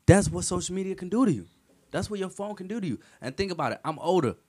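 A young man in casual conversation, animated and slangy, swearing freely. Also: high-pitched, fast talker. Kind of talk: casual chat.

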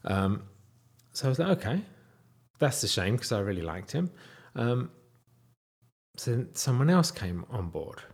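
Husky guy in his 30s telling a long story, super animated, voice jumps all over, some whispery bits. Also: unhurried. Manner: animated, wide swings in pitch and loudness, drops to whispers. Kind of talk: casual storytelling vlog.

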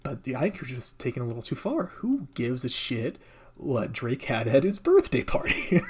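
A man in his own voice at a middle pitch, riffing on odd stories in a loose comedic commentary. He reads posts aloud, then rambles through sarcastic asides, often breaking into laughter. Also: huge pitch swings, normal speed, breathy edge. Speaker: podcast host reading news.

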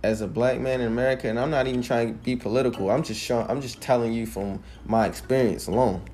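Brief: man, 21, solo podcaster, mid-pitched, heated and emphatic telling, swears freely, faint music under. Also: steady tone, quick pace, darkish tone. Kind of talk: casual monologue.

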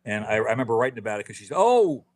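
Animated storytelling man in his fifties. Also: on the low side. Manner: animated storyteller, quick restarts, frequent "you know". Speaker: author guest. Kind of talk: casual podcast interview.

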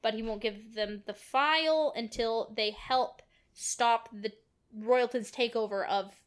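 A woman's voice: a little high, slow. A woman co-hosting a podcast, casually retelling film scenes with lots of fillers. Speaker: podcast co-host. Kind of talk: casual film recap chat.

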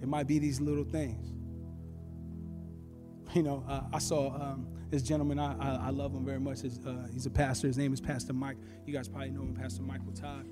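Animated male preacher in a reverberant hall. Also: mid-range voice, brisk. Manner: animated storytelling, bursts of shouting. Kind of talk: sermon. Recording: long reverb with faint music.

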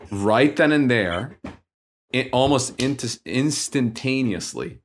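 A man co-hosting a podcast, telling a story in a casual, animated way. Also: mid-range voice, takes it slowly. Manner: animated storyteller, acts out dialogue. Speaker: podcast co-host.

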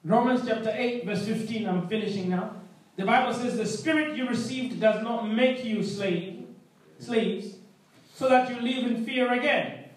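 A man's voice: extremely high pitch, unhurried, far from the mic. A man preaching a sermon, emphatic, repeating his phrases and calling out to the congregation for response. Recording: echoey room.

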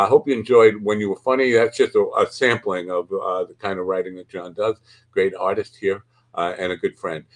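Low-voiced joking man host. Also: a bit bright. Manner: rambling, joking, crude. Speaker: podcast host. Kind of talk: casual chat.

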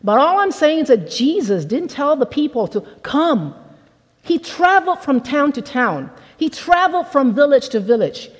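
A woman pastor with a fairly high voice preaches a chatty, lively sermon at a moderate pace, animatedly acting out quotes in little voices as she tells stories. Her voice rings through a large hall with a long reverb.

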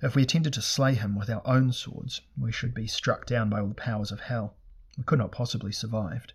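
A man's voice: mid-range voice, steady tone, a little fast, husky. Sardonic sorcerer prince, formal and cold, read by a man. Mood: grim. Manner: formal, archaic speech.

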